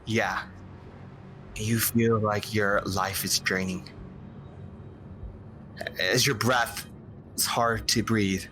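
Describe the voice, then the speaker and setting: Slow, low-voiced man game master. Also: steady tone, pushed and bright, soft background music. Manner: slow descriptive storytelling, halting with fillers. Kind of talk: narrating a tabletop game.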